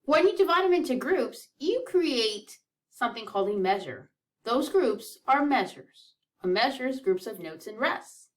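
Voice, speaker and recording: A woman's voice: a little high, big pitch swings, moderate pace, recorded from a distance. A woman teaching a children's music lesson, counting beats aloud in an upbeat, encouraging way.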